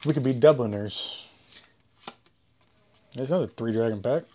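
A man's voice: mid-range voice, moderate pace, dark tone, slight background noise. A man in the middle of his range talks loosely as he opens a box of cards. He swears often and makes crude jokes. He speaks right into a close mic that he says he sometimes overloads. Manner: crude joking, swears freely, rambling. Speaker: host opening a card box. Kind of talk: casual chat while unboxing.

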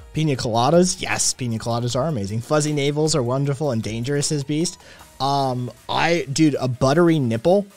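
A man hosting a casual livestream, reading chat messages aloud and answering them with loud, profane, animated opinions. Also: medium pitch, moderate pace, soft background music. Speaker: podcast host reading live chat.

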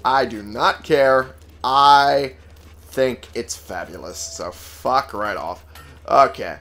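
A man's voice: mid-range voice, takes it slowly, fairly bright tone. A man giving casual gameplay commentary, sarcastic and profane, talking back to the game's characters. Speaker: let's play gamer.

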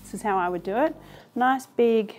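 A woman's voice: fairly high pitch, moderate pace, a little mellow. A woman in her thirties hosting a cooking show from her home kitchen. She talks casually and enthusiastically through the recipe and laughs often.

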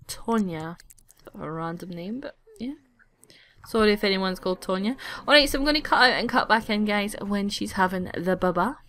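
A woman's voice: mid-range voice, pushed and bright. Girl chatting over her sim game, giggly, keeps telling the characters off. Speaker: gaming channel host. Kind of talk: casual let's play commentary.

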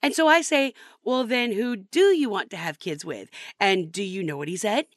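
A woman's voice: medium pitch, moderate pace, no echo, clean studio sound, natural voice. An actress playing a heartbroken young woman, telling her story in a bitter, sarcastic, rambling way. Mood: indignant. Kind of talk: comedy sketch acting.

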